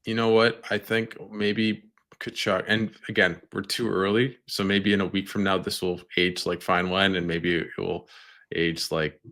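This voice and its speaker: A quiet, soft-spoken man chatting on a sports podcast. His voice sits fairly low but has a bright, forward ring. He keeps things relaxed and easygoing. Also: a little slow. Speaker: podcast host. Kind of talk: casual sports podcast chat.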